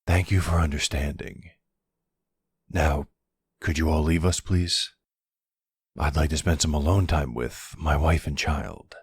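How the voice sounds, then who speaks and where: A very deep, husky voice belongs to a middle-aged mafia boss, as a man plays him in an ASMR boyfriend role-play. He speaks slowly and firmly, close and dry to the mic. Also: steady tone, no echo, full character voice. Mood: tender. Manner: firm, warning, slow and low.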